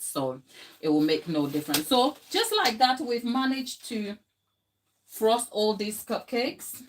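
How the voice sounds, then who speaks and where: Young woman baker on a live stream, slow easygoing talk, chatty, laughs a lot, bit tired. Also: on the low side, slight background noise. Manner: chatty and emotional, laughing often, talking to the chat. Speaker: baker hosting a livestream. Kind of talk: live baking tutorial chat.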